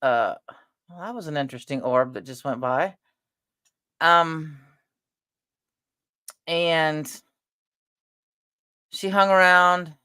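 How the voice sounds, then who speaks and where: A middle-aged woman rambling through family stories in a casual, animated vlog chat. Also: low voice, slow pace, long pauses, clean tone, no echo, clean studio sound. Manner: rambling, animated, talks with her face. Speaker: vlogger.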